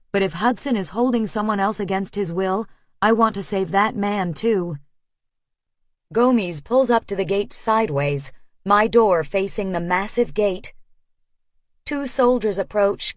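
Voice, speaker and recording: A woman narrating a tense first-person audiobook in a steady storytelling voice. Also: mid-range voice, no room sound. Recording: dry, slightly muffled studio recording.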